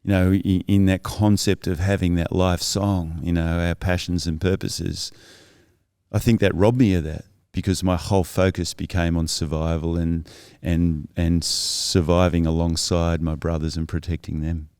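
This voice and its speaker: Low-voiced guy on a podcast, earnest, thinking out loud as he talks, clear voice. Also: little pitch movement, moderate pace, no echo, clean studio sound. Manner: earnest, thoughtful, with frequent self-corrections. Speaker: podcast guest. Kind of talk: reflective interview storytelling.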